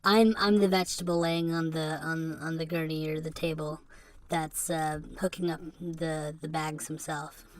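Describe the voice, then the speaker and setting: Hosting her podcast solo, a woman with a fairly low voice and little pitch movement talks into the mic in a subdued, depressed tone. She rambles haltingly through a confessional monologue, interrupting herself with rueful laughter.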